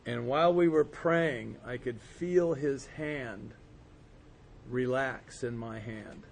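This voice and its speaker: A man giving a personal recovery testimony to a group, earnest and storytelling, slowing and softening at quiet moments. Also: mid-range voice, gravelly, slight background noise. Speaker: speaker sharing his recovery story.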